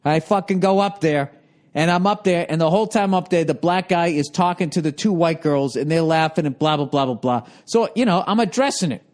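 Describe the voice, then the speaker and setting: Profane, ranting man, high voice. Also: brisk. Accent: Boston. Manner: profane, exasperated storytelling, jumps into loud mock voices. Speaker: podcast host. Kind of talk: ranting monologue.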